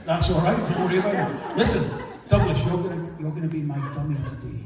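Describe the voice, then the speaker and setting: A magician doing jokey, teasing banter with volunteers during a live show in a large hall. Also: male voice, a little high, fast talker, a loud crowd. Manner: jokey, teasing audience banter, laughing often. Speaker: magician and entertainer. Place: large church hall with audience. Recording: echoey hall recorded from far off, noisy.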